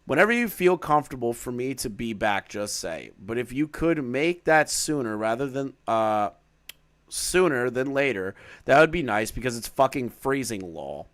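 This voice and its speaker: A man's voice: mid-range voice, lively intonation, normal speed, a bit bright. A man reading aloud from a document and commenting on it in a casual, profane, sarcastic way. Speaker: drama commentary YouTuber.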